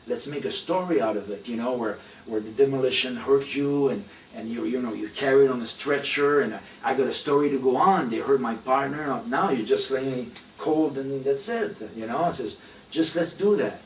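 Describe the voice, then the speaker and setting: A man's voice: mid-range voice, normal speed, hardly any pauses, a little hiss or hum. Profane older man, echoey distant mic. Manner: blunt, profane, heavy use of "you know". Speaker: former pro wrestler telling stories. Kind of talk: shoot interview, profane storytelling.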